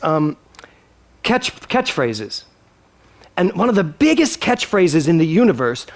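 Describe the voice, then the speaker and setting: Lively high-voiced playful male speaker. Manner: playful, teasing, theatrical. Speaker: minister. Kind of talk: spiritual talk to a congregation.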